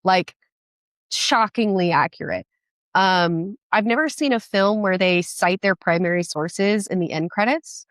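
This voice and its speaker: A woman chatting as a podcast guest, enthusiastic and quick, with many restarts. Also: mid-range voice, fairly bright tone, no echo. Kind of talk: casual podcast chat.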